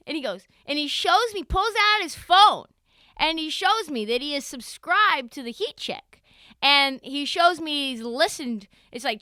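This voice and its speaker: A young adult woman hosting a podcast, telling a casual story in an animated, chatty way and swearing freely. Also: high-pitched, normal speed, no room sound, studio quality. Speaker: podcast host.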